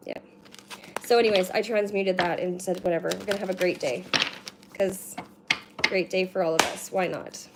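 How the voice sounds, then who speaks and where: A woman giving a casual livestream card reading at home, chatty and rambling, with lots of filler words and casual swearing. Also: on the low side. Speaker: card reader. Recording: noisy with card shuffling and clicks. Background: shuffling cards and clicks.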